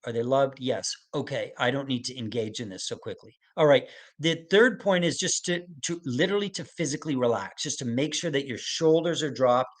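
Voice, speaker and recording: A man's voice: medium pitch, expressive, brisk, hardly any pauses. A man giving a webinar to parents, talking in an earnest, coaching way with a laugh now and then. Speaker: autism expert giving a webinar.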